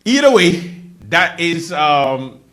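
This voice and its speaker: A man hosting a late night comedy show, delivering a joking monologue with loud outbursts, laughter and quiet asides. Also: slow. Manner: animated, laughing, swings between loud outbursts and low asides.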